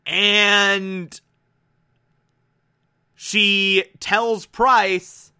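A man with a high, bright voice gives a casual recap of a TV episode. He talks slowly and deliberately, then bursts into loud, emphatic exclamations. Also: expressive.

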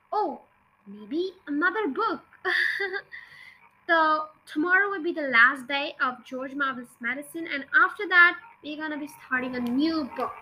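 A cheerful woman podcast host who chats with her listeners and reads a children's book aloud. Her voice is very high and strikingly bright, with a lively storytelling manner. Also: poor audio. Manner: chatty, cheerful, addressing listeners. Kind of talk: storybook narration.

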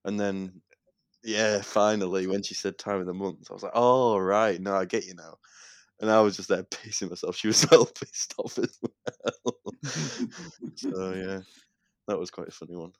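A young man with a very low, deep voice tells an animated story on a casual podcast. His delivery is full of swearing and laughter. The sound is dry and close to the mic. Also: moderate pace, long pauses, dry recording. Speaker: podcast co-host.

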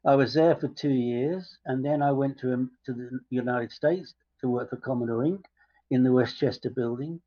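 A man being interviewed on a podcast, his middle-pitched voice measured and unhurried with frequent pauses. The audio is a little dull and lo-fi, like a remote call. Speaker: guest.

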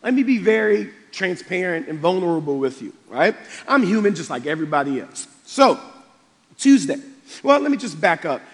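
A male pastor preaching a sermon with passion, swinging between loud outbursts and quiet, subdued stretches. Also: sits high, sing-song, moderate pace, vocal fry. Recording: long reverb of a large hall.

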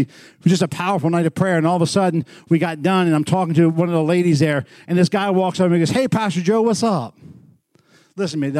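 A man preaching as a pastor, telling a story with animated swings from loud bursts to quiet, intimate passages. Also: a little high, dry recording, studio quality. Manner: animated, swings from shouting to hushed. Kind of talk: sermon storytelling.

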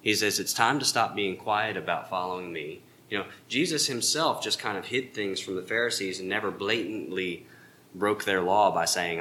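Deep, bright-voiced man teaching Bible class. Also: moderate pace, a little hiss or hum. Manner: earnest, emphatic explaining with rhetorical questions.

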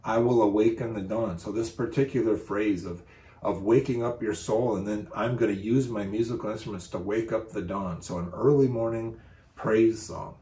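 A man's voice: fairly low pitch, normal speed, dark tone, echoey room. A man preaching a sermon, speaking earnestly and rising with emphasis when he reads scripture.

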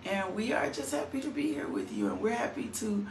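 A woman's voice: fairly high pitch, wildly swooping pitch, brisk. A woman preaching an online devotional, fervent and greeting viewers by name. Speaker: minister hosting an online devotional. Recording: roomy, distant mic with faint noise.

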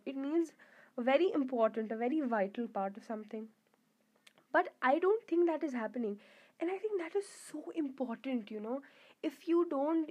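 A woman's voice: fairly high pitch, mellow, dull audio. A young woman telling a school story in a casual vlog, rambling with many fillers and restarts. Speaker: vlogger.

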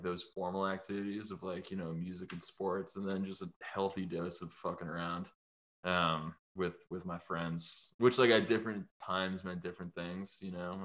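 A man's voice: low-pitched, fairly bright tone. A young man chatting as a podcast guest over a video call, laid-back and rambling with lots of "like". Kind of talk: casual podcast chat.

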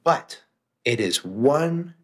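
A middle-aged man with a mid-pitched voice speaks as a guest in a relaxed conversation. He talks plainly and with emphasis, pressing hard on key words and now and then swearing to drive a point home. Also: very slow. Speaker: guest author and meditation teacher. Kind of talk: casual conversation.

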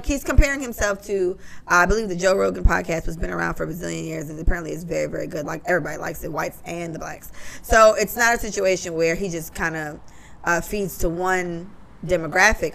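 A woman's voice: fairly low pitch, vocal fry, a bit bright, slight background noise. A woman co-hosting a casual podcast, talking bluntly and profanely and giving strong opinions. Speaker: podcast co-host.

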